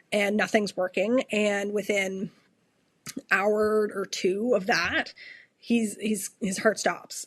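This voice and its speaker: A woman's voice: mid-range voice, slightly rough, no echo. A woman from Canada, an ER nurse, telling a personal story as a podcast guest in an earnest way, often restarting and repeating herself. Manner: earnest, frequent self-restarts, repeats her questions.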